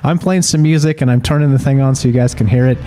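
A man hosting a radio show, chatting and thanking listeners, with many halting restarts and easy laughs. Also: medium pitch, fairly even intonation, dark tone. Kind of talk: casual closing chat. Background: music playing.

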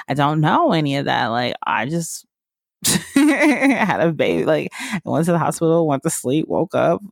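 A woman's voice: sits low, vocal fry, no echo, clean studio sound. A woman from the American South, a podcast host, telling her own story in a rambling, casual way with lots of fillers and frequent laughs.

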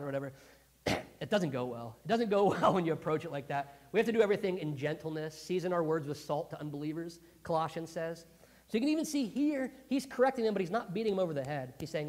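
A man preaching a sermon in a conversational, earnest way, clearing his throat often. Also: on the high side, expressive, fast talker, darkish tone. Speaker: pastor.

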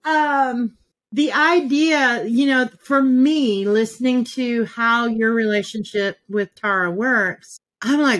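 Animated woman talking in quick bursts. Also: a little high. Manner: animated, jumps between thoughts, laughs often. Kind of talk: casual conversation.

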